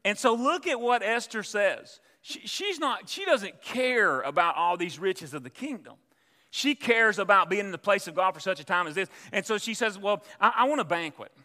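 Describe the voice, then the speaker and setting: A preacher in full sermon, his voice bright and forceful. He tells his stories like a storyteller, taking on the voices of the people in them. The sound carries long reverb, like a large church hall. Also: high-pitched, animated, normal speed.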